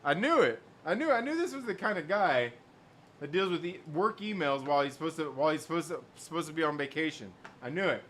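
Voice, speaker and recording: Bright-voiced, chatty male stream host. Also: on the high side, lively intonation, fast, a little hiss or hum. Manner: rambling, repeats himself, laughs often. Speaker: host reading live chat. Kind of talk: casual live-stream chat.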